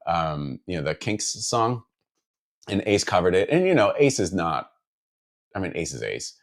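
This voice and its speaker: A man with a deep, very animated voice chats casually at a moderate pace while building guitars in his workshop. He rambles as he works, dropping in plenty of fillers and self-deprecating asides.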